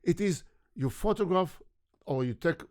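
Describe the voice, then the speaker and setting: Older guy from israel, ish english, earnest, kinda higher voice. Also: lively intonation, measured pace, darkish tone. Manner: earnest, repeats words, non-native grammar. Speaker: guest photographer. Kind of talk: conversational interview storytelling.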